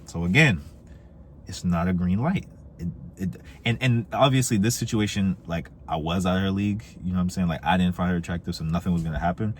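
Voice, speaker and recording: A young dating advice vlogger shares dating stories in a casual, animated monologue, speaking a little fast. He acts out the quoted voices with big pitch jumps, and there's slight background noise.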